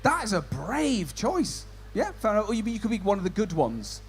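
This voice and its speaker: Cheeky high-voiced male stand-up compere. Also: wildly swooping pitch, normal speed, breathy edge. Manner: cheeky banter with audience members. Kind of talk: crowd work stand-up.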